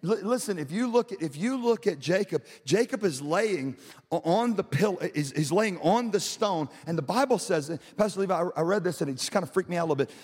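A pastor, a man with a high voice, preaches to his congregation, moving from casual storytelling into loud, shouted passages. His throat sounds a bit strained from the shouting. His voice rings out with the long reverb of a big auditorium. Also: animated, a little fast, breathy edge. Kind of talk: sermon.

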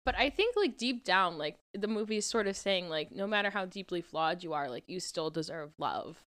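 A young woman co-hosting a casual podcast, her pitch rising and falling a lot as she talks. She reflects earnestly on the films and leans on constant filler words. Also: sing-song, normal speed, a bit bright. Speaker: podcast co-host. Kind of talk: casual chat.

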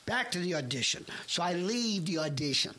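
A man's voice: high voice, very animated, fairly quick, sharp tone. A middle-aged man telling a comedic story with lots of swearing, acting out the other people's voices as he goes. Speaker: guest actor telling a story.

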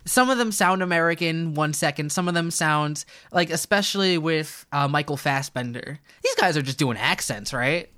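A man's voice: on the high side, moderate pace, few pauses, pushed and bright. A man co-hosting a film podcast in casual chat, eager and rambling with many restarts. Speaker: podcast co-host.

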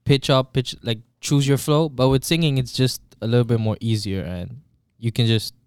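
A man's voice: medium pitch, steady tone, moderate pace, darkish tone, smooth, dry recording, clean studio sound. A man chatting casually as a guest on a podcast, easygoing and joking.

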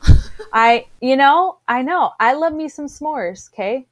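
A woman's voice: high-pitched, lively intonation, unhurried. A woman co-hosting a casual chat, bubbly and chatty, laughing often. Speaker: podcast co-host.

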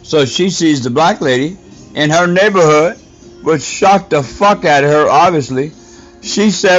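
A man's voice: on the high side, a little slow, fairly bright tone. A man delivering an indignant, profane rant as a podcast host, scolding his listeners. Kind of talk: ranting monologue. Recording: dull lo-fi audio with faint music.

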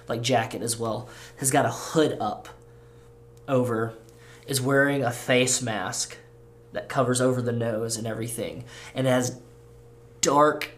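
A man as game master, narrating a tabletop role-play scene in a slow, halting, descriptive way. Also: medium pitch.

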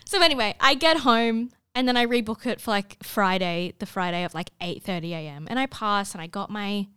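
A young Australian woman telling a story in a chatty, animated way, full of fillers. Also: mid-range voice, brisk, smooth, no room sound, studio quality. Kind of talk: casual storytelling chat.

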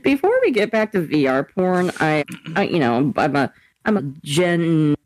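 A woman's voice: deep voice, very animated, a little slow, darkish tone, rough recording. A young millennial woman co-hosting a casual podcast, teasing and crude, laughing often. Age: young adult. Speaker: co-host.

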